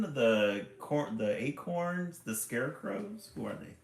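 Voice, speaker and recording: Lively-voiced man reading a picture book. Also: a little high, slow, hardly any pauses. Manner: chuckles often, chatty asides on the pictures. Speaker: children's book reader. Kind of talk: live read-aloud with commentary. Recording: echoey room with faint ambience.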